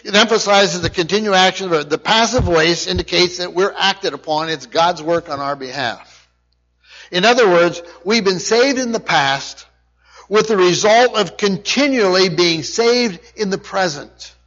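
This pastor preaches a sermon in a voice that sits high, unhurried and a bit bright. He repeats his points emphatically and checks in with his listeners, and the recording has a dull lo-fi sound.

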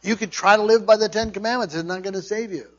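Man, pastor, high voice, emphatic sermon, dull lo-fi recording. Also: fast talker, fairly bright tone. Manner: conversational preaching, emphatic repetitions.

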